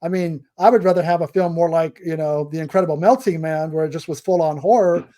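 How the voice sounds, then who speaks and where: An easygoing man chatting casually about films as a podcast co-host. He rambles a little, and his voice is mellow and dark in tone yet somewhat high for a man. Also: steady tone, quick pace. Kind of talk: casual film-review chat.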